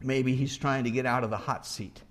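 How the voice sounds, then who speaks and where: A pastor preaches in a conversational style, asking rhetorical questions and often restarting as he thinks out loud. His mid-range voice keeps a fairly even intonation at a moderate pace.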